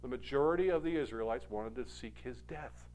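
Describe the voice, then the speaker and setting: A Scottish man preaching a sermon, telling stories in an animated, emphatic way. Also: mid-range voice, brisk. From Scotland.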